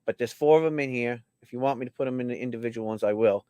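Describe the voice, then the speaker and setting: A man's voice: medium pitch, rapid-fire, mellow, clear, resonant tone, no echo. A man hosting a coin auction livestream, chatting casually and joking as he talks straight to his viewers.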